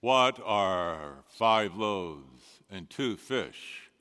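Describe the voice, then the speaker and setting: A man delivers a sermon at an unhurried, deliberate pace, letting pauses hang between phrases. His voice is bright and forceful, and it rings out with a long reverb in a large sanctuary. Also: fairly low pitch, lively intonation, clear, resonant tone. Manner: measured storytelling with dramatic pauses. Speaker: pastor.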